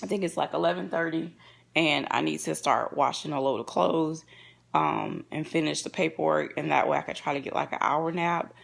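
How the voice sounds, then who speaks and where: A woman from Mississippi chatting on a home vlog. Her voice has a creaky, gravelly texture, and she rambles, stopping often to search for the right word. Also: deep voice, steady tone, moderate pace. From Mississippi, USA. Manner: rambling, searches for words, many fillers. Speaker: channel co-host, wife. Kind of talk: casual vlog chat.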